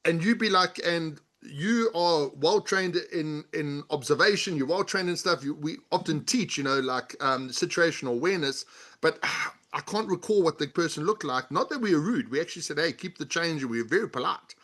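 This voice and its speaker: A man's voice: a little high, expressive, fairly quick, a bit bright. A middle-aged man as an interview guest, explaining body language with instructive examples and demonstrations. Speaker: guest, body language author and leadership coach.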